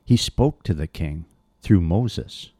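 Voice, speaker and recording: A man delivers a sermon verse by verse, reading scripture and then pressing his points bluntly and earnestly. His voice sits low, with a dark, relaxed tone. The sound is close and dry. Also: slow, dry recording. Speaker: preacher.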